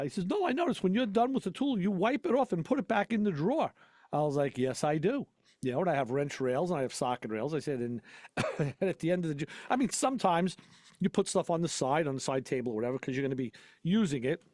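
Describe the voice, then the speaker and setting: A man's voice: mid-range voice, darkish tone, dry recording, studio quality. A man hosting a casual talk show, a mechanic who tells rambling shop stories with frequent laughs. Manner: rambling storyteller, laughs often. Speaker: podcast host and auto mechanic. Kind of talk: casual chat.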